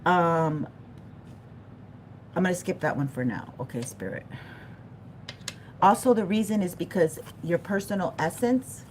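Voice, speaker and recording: During a livestream tarot reading, a middle-aged woman talks to her chat in an animated way, laughing a lot and wandering off topic. Her pitch is fairly low, her pace measured, and she leaves long pauses. A little hiss or hum is audible.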